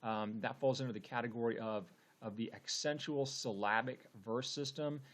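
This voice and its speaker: A man's voice: mid-range voice, steady tone, moderate pace, a bit bright. A man explaining a poem in a casual lecture, with frequent fillers and checks like "okay?". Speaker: teacher.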